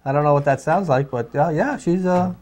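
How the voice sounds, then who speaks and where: A man's voice: a little high, a little fast, darkish tone. A man co-hosting a casual chat about movies, wry and jokey in his asides. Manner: wry, jokey, slips into playful voices. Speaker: co-host of a media show.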